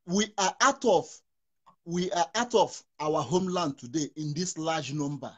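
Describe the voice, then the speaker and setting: A man's voice: a little high, moderate pace. A man speaking as a talk show guest over a remote call, fervent, often restarting and repeating himself. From Nigeria. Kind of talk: impassioned talk show discussion. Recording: interrupted remote call connection.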